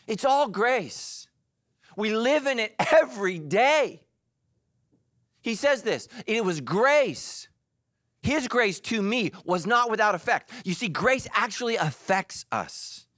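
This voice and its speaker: A middle-aged man preaching a sermon in church, animated and joking, breaking into quick quoted voices. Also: high voice, no echo, clean studio sound. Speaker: pastor. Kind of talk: energetic sermon.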